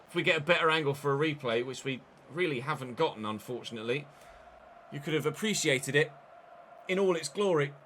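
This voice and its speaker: A man talking through his own football game match in a casual let's-play style, chatty and joking as he goes. His voice sits a little high and sounds bright and forward. There is a faint hum of background ambience under him. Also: fairly quick. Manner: chatty, jokey, excitable over goals. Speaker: gaming YouTuber.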